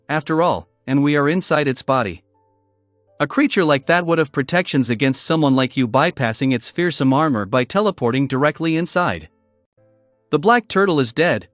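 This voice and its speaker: A man reading a calm young woman warrior. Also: on the high side, no room sound, clean studio sound, natural voice.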